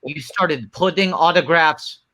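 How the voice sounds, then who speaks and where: A man's voice: on the high side, measured pace, pushed and bright. A man hosting a comedic talk show in the role of a retired filmmaker, asking teasing, jokey questions. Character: retired filmmaker host, man, older, playful. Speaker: host.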